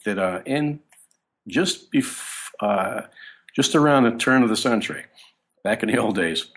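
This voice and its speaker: A man with a very low, deep voice talks through his memories as an interview guest. He rambles from one anecdote to the next, stopping and restarting his sentences as he goes. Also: animated, a little slow, fairly bright tone. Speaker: guest bassist. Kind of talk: casual interview storytelling.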